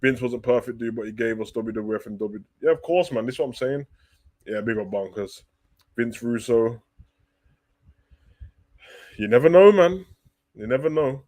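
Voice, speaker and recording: A man hosting a live wrestling talk stream, reading viewer questions aloud and answering them in loose, slangy, animated chat. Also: mid-range voice, fairly quick. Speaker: wrestling talk show host.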